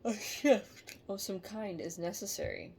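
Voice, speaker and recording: A woman giving a casual tarot reading to camera, halting and emotional, sighing and musing aloud. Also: mid-range voice, creaky, dark tone, slight background noise. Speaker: tarot reader.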